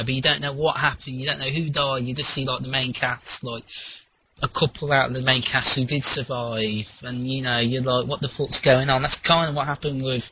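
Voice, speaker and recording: A man talking in a rambling, animated casual chat, swearing freely, on a muffled lo-fi recording. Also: mid-range voice, a little hiss or hum.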